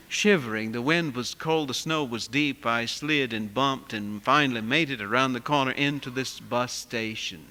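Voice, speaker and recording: Bright-voiced storytelling preacher in a hall. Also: male voice, medium pitch, clear, resonant tone. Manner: vivid storyteller with wide swings in loudness, dropping to a hush. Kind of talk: sermon storytelling. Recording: long hall reverb.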